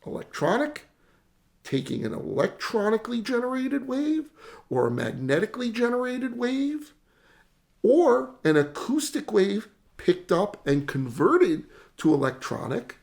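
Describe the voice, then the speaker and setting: Male tech educator, lively explainer, fairly high voice with gravel, jokey and self-mocking. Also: measured pace. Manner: animated, demonstrates with sound effects, self-mocking dad jokes. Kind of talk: explainer lesson.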